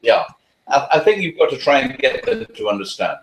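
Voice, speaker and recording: A man's voice: mid-range voice, sing-song, brisk. A man, a dog trainer answering interview questions in a chatty, anecdotal way with a playful, sarcastic streak. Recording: roomy echo.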